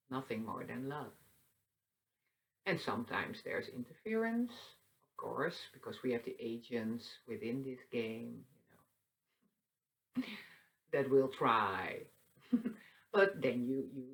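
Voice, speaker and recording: A woman hosting a spiritual talk that moves into a guided meditation, speaking softly and meandering, with light laughs. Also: a bass voice, low-quality recording. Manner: soft, slow and meandering, with frequent fillers and light laughs. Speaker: spiritual channel host. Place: seated indoors.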